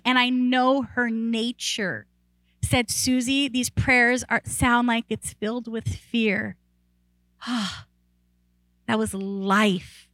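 A woman pastor preaches a sermon in an animated, conversational style, frequently saying "like" and restarting sentences. Her pitch and volume climb when she gets excited. The recording is rough, with no room sound.

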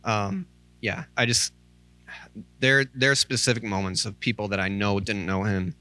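A man's voice: lowish voice, fairly even intonation, moderate pace, bright, forceful tone. A man preaching an informal sermon in a church as associate minister. He talks candidly and conversationally, close to tears, often adding "like" and "um.". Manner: candid and conversational, with many "like" and "um" asides; earnest and pleading. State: tearful, close to crying. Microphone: microphone.

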